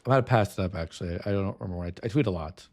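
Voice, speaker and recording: A streamer from San Antonio, Texas, talks casually on a livestream, rambling and restless, cursing freely. His voice sits low and slightly mellow, racing along, and the recording has no room sound.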